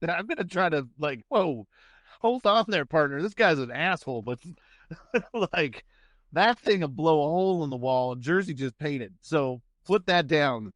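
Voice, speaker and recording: A man's voice: fairly high pitch, expressive, moderate pace, dry recording. A man at a tabletop game, chatting playfully and politely with the table. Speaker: player. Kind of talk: casual chat at a game table.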